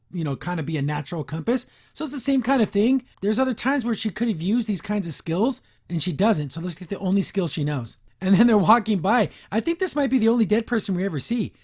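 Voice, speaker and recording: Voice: mid-range voice, darkish tone. A podcast host giving a casual recap and review of a cartoon episode. The host rambles, uses lots of fillers and sounds wry and incredulous.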